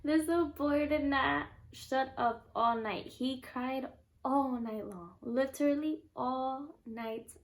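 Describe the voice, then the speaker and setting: A young woman vlogger telling a personal story in a chatty, animated way and acting out what others said. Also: sits high, slow. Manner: chatty, animated, acts out quotes. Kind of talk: casual storytelling to camera.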